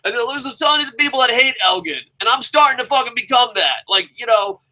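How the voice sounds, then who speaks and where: Bright-voiced man ranting with constant swearing. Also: fairly quick, low-quality recording. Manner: profane, animated, swears constantly; jumps sharply in pitch when exasperated. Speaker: wrestling reviewer. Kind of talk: casual ranting review.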